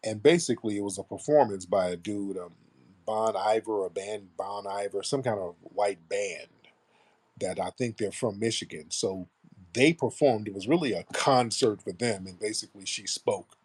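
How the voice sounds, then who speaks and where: A man's voice: lowish voice, moderate pace, slightly rough. A man hosting a live political commentary show, blunt and mocking, with rambling asides. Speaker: radio show host.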